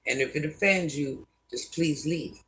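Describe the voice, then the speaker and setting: An older woman hosts a casual livestream, answering viewer comments with blunt sass and often referring to herself in the third person. Her voice is low and a bit bright, and she speaks at a measured pace.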